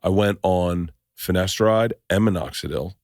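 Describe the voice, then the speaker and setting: Lowish-voiced guy hosting a podcast, big animated stories, dry room. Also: moderate pace, no room sound. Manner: loud, animated storyteller, acts out quotes. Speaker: podcast host. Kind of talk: casual chat.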